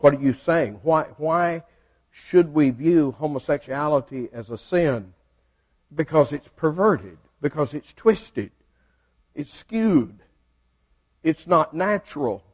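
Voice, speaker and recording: A man teaches a Bible study in a folksy, conversational way and keeps turning questions back to his class. His voice sits a little high. The recording is dull and lo-fi. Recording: dull lo-fi sound.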